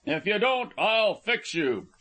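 A man voicing a big, armed, defiant male fisherman who shouts threats across the water. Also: high-pitched, sing-song, slow, pitched above the performer's own voice, heavily acted. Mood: threatening shout.

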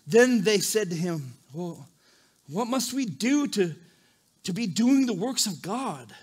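A man with a high voice preaches to his congregation as their pastor. He reads scripture in a calm, measured way, then breaks into loud, animated asides. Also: husky. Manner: animated, swings from quiet reading to loud emphasis. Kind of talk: sermon with scripture reading. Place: church service.

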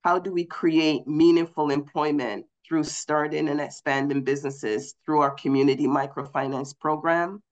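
A woman speaking on a conference panel, congested from a cold and a bit out of breath, measured with frequent ums. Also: low-pitched, steady tone, muffled recording.

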